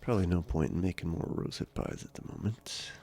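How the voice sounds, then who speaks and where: Streaming a survival game live, a man chats casually with viewers as he plays and reads their chat aloud in a relaxed, chatty way. His low voice moves at a quick pace with vocal fry, and a cold leaves it nasal and stuffy.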